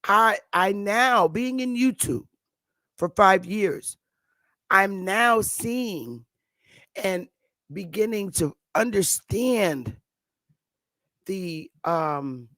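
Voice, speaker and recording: A woman in her fifties speaks slowly and loosely to her online viewers, circling back on her words with many restarts and fillers. She talks at a mid pitch in a dry, close-sounding room. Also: expressive, fairly bright tone, no room sound. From northern United States. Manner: rambling, with frequent restarts and fillers. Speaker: YouTube commentator. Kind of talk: casual monologue.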